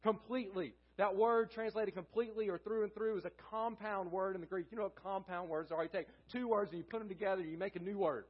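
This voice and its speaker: High-voiced pastor, earnest sermon. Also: male voice, fast talker, hardly any pauses, husky, highs cut off. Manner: earnest, repeats key phrases for emphasis; asks the congregation questions and answers them. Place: church sanctuary.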